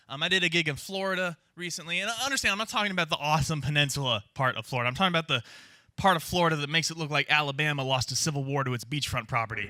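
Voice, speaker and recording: A man's voice: fairly high pitch, pushed and bright, a little hiss or hum. A young man doing a stand-up comedy set in a club, with a brash, profane, punchy delivery. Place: underground comedy club with live audience.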